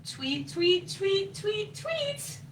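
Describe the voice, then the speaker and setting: A woman's voice: extremely high pitch, big pitch swings, drawn-out words, distant mic, voice pushed up, full character voice. A woman voicing hungry baby birds who chirp and fret while they wait in their nest. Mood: worried. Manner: chirping, worried. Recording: faint room noise, voice from off-mic.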